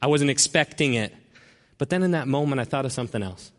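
A man of ordinary pitch preaches from a large hall, his words trailing off in long reverb. He tells his story earnestly and slows down to lean on the words that matter. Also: lively intonation. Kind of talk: sermon storytelling.

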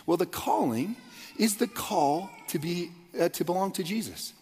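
A man's voice: high voice, lively intonation, normal speed, darkish tone, slightly rough. A man giving a conversational, earnest sermon as a pastor, with frequent fillers and restarts. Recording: long hall reverb.

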